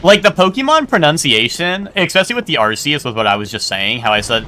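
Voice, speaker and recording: Lively bright-voiced guy streaming, rambly, bit of hum behind. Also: mid-range voice, fast, few pauses. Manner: rambling, self-correcting, argues playfully with chat. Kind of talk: casual live-stream chat while gaming.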